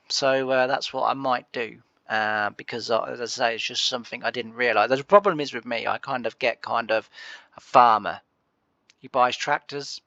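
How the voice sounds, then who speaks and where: A man's voice: mid-range voice, creaky, pushed and bright, no echo, muffled recording. A man giving casual, rambling gameplay commentary on a farming game, full of fillers and asides.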